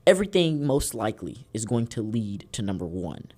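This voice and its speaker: A man's voice: lowish voice, sing-song, normal speed, darkish tone. A man with a Southern US accent hosting a casual political podcast, joking and rambling with theatrical emphasis. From Houston, Texas. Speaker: podcast host.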